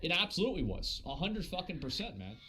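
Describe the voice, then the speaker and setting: A male live streamer rambles casually about a game, full of filler words and casual swearing. His voice sits a touch high and comes across bright and forceful. Faint music plays in the background. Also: very animated, quick pace, low-quality recording. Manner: rambling, heavy on fillers and profanity. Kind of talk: casual gaming stream chat.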